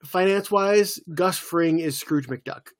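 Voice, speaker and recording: A man co-hosting a casual podcast chat about TV shows, animated and loose. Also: on the high side, measured pace, dry recording, clean studio sound. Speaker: podcast co-host.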